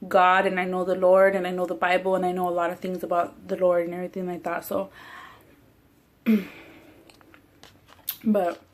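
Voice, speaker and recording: A woman's voice: lowish voice, completely flat delivery, moderate pace, long pauses. Woman rambling and swearing on a mukbang vlog. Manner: rambling, profane and laughing. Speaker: mukbang vlogger. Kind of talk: casual chat while eating.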